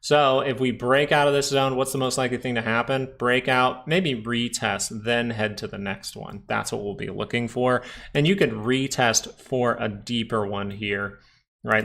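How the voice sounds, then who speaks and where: Male live-stream market host, gravelly, mid-pitched, relaxed chatty explainer who answers chat. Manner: chatty, explains while reading viewer chat; frequent tag questions like "right?". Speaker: stock market livestream host. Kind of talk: casual live chart analysis.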